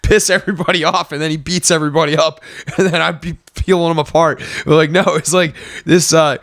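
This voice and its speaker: Profane, higher-voiced young man telling stories. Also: fairly even intonation, fairly quick, a bit bright, no room sound, studio quality. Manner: profane, laughing storyteller who acts out quotes. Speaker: podcast co-host. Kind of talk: casual chat, storytelling.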